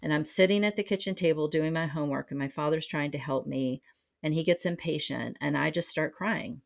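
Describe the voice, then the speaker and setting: Low, gravelly-voiced woman therapist. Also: brisk. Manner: reflective, many fillers and restarts. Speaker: psychotherapist guest. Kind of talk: conversational podcast interview.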